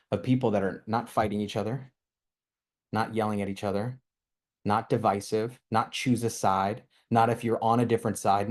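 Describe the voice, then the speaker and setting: A man with a fairly low voice delivers a motivational training talk to his team. He rambles with passion, restarting sentences and tossing in "right?" as he builds his points. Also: a little mellow. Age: young adult to middle-aged, with a toddler. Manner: rambling and impassioned, with frequent restarts and tag questions. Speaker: company leader giving a team training.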